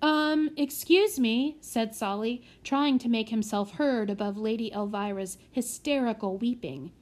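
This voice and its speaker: A woman narrating a children's audiobook in a measured way. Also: mid-range voice, darkish tone. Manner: measured, with small slips corrected.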